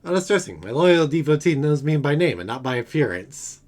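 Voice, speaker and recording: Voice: mid-range voice, sing-song, a little fast, a little mellow, a little hiss or hum, natural voice. A streamer doing a pompous grand detective. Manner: grandiose, theatrical, self-satisfied. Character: pompous eccentric male great detective.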